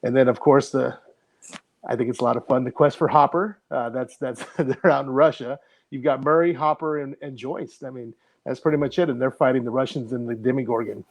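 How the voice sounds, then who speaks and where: A middle-aged man with a mid-pitched voice co-hosts a casual podcast. He talks in a lively way and laughs often. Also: brisk. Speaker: podcast co-host.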